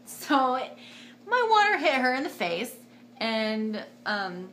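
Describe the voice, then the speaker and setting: A woman in her twenties telling a personal story to camera in a casual, animated way, acting out quotes. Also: slow pace, slight background noise. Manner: animated, acts out quotes with big jumps in pitch and loudness. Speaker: vlogger.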